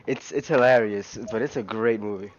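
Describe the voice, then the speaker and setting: Here a man with a fairly low voice talks at a moderate pace, and the recording is muffled. He's casually chatting on a racing game stream, rambling through lots of fillers and restarts and laughing a lot.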